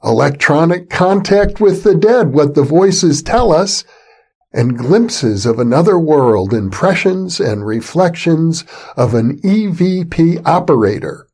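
An older man hosting an interview, introducing his guest in a calm, deliberate way. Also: on the high side, slightly rough. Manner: measured, deliberate delivery. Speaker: interview host.

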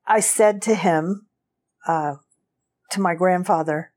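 A woman recounting a personal experience as an interview guest, unhurried and often breaking into a laugh. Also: lowish voice, a little mellow.

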